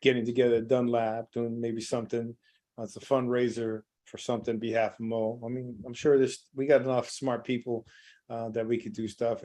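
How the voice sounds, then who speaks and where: A man from New Jersey hosting a podcast over a video call, talking casually and getting loud when he gets worked up. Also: medium pitch. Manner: rambling, grows loud when animated. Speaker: podcast host. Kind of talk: casual tribute talk.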